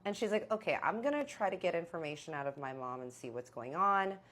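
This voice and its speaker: A young adult woman casually telling a personal story to camera, animated and exasperated, acting out the dialogue. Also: fairly low pitch, quick pace. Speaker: vlogger.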